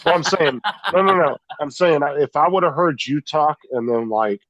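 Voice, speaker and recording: A man's voice: a little high, normal speed, a bit bright, dry recording, rough recording. A man from California chatting casually, laid-back and swearing freely. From California, USA. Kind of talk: casual chat.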